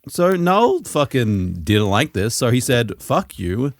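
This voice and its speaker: A man hosting a casual podcast chat, explaining comic lore with laughs, swearing and quick acted-out asides. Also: mid-range voice, very animated, dry recording.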